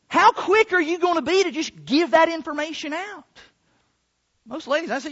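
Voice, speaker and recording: Very high-voiced preacher in an echoing hall. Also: male voice, sing-song, fairly bright tone. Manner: emphatic, drawn-out stresses on key words. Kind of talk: sermon. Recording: long hall reverb, dull lo-fi sound.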